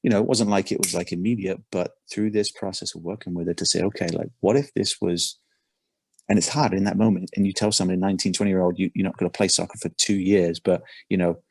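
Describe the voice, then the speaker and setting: Brief: male coach, low husky voice, dry close sound, earnest and halting. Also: fairly even intonation, a little mellow, no room sound. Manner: earnest, repeats words and restarts often. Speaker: performance coach. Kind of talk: casual podcast conversation.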